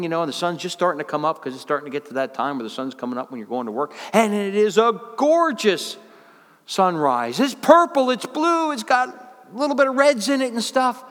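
A man preaching a sermon in a folksy, conversational way, dropping low and quiet, then climbing high and loud. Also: animated, a little fast, long reverb tail.

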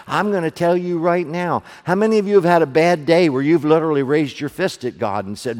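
A man's voice: fairly high pitch, a little fast, hardly any pauses. Preaching man in a reverberant church. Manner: swings from hushed storytelling to loud preaching. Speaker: pastor. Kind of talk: sermon. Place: church sanctuary, also streamed online. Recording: long hall reverb.

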